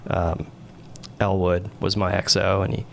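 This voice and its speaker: A man with a very low, gravelly voice tells a story in a relaxed, rambling way. He is a naval aviator guesting on a podcast and keeps checking in with "right?". A faint hiss sits under the voice. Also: measured pace. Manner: rambling, conversational, frequent "right?" tags. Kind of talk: casual storytelling interview.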